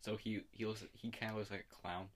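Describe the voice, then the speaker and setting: A man's voice: fairly low pitch, little pitch movement, fairly quick, a bit bright. A man playing in a tabletop game, chatting casually and joking with the group. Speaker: player.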